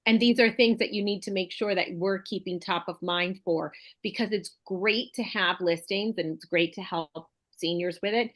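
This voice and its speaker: On a casual video call, a middle-aged woman who works as a real estate broker chats with enthusiasm and thinks aloud. She speaks at normal speed in a mid-range voice, barely pausing.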